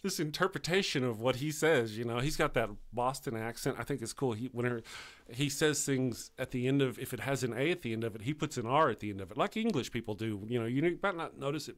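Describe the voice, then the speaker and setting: A man's voice: mid-range voice, expressive, fast. A man hosting a live stream show, talking in a chatty, rambling way and often correcting himself.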